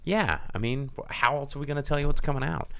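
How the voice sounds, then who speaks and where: A man co-hosting a movie podcast, talking casually and animatedly, cursing freely and slipping into quick impressions of people. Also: medium pitch, creaky, clean tone. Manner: animated, swearing, mimics people in quoted voices. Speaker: podcast co-host.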